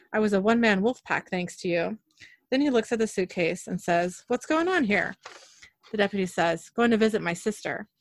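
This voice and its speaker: A woman's voice: mid-range voice, no room sound. A woman casually recapping a TV episode, narrating scenes and quoting characters' lines in her own voice. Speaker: podcast host recapping an episode.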